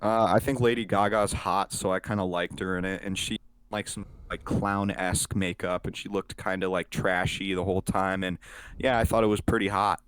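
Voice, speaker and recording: Low-voiced young man rambling casually. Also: fairly even intonation, normal speed, fairly bright tone, clean tone, dry recording. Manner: rambling, swears often, frequent fillers. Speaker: podcast co-host. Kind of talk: casual chat.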